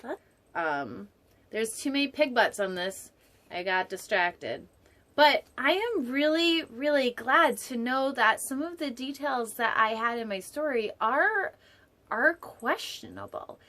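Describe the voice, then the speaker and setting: A woman's voice: on the high side, expressive, takes it slowly, bright, forceful tone. A woman hosting a storytime show, reading a picture book aloud and breaking off for playful, digressive jokes, sometimes dropping to a whisper for an aside. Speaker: storytime host.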